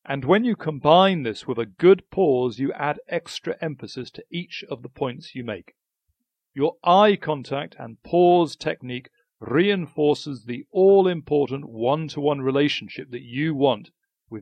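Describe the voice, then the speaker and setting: Measured man reading a script. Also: mid-range voice, expressive, no room sound. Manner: measured, deliberate delivery with emphatic pauses. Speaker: newsletter presenter. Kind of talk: scripted narration.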